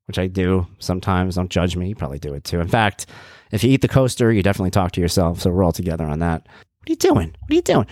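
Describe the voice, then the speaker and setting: A podcast host in his thirties from Long Island, New York, speaks in a low voice with no echo. He tells a casual, self-mocking story, acting out the voices he quotes.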